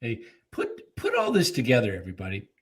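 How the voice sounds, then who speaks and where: A man co-hosting a casual sports talk show, excitable, laughing often and pushing his own theories. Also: mid-range voice, brisk. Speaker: podcast co-host.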